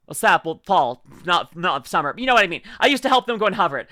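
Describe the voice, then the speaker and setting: A woman's voice: lowish voice, very animated, quick pace, few pauses, bright, forceful tone, dry recording, studio quality. A young Canadian woman with a Canadian accent, chatting casually with viewers on a livestream, bubbly and giggly, calling people darling and bud. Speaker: VTuber streamer.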